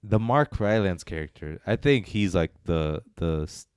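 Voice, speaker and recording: Speaking a little slowly and expressively, a man with a deep, smooth, resonant voice co-hosts a podcast and talks casually through a film review. His delivery is rambling and hesitant, full of fillers and restarts, captured dry and close without room echo.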